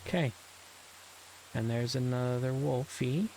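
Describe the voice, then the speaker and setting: A man's voice: medium pitch, slow, a little mellow, a little hiss or hum, poor audio. A man giving casual, rambling commentary while playing a video game, with frequent ums and uhs and self-deprecating asides. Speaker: let's play gamer.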